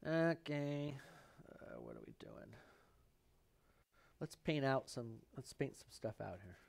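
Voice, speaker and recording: A man's voice: medium pitch, huge pitch swings, slow pace, creaky, darkish tone. A man hosting a live painting show, chatting and joking to himself as he paints, recorded in a painting studio. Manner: rambling, talks to himself while painting, joking asides. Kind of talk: live painting demonstration chat.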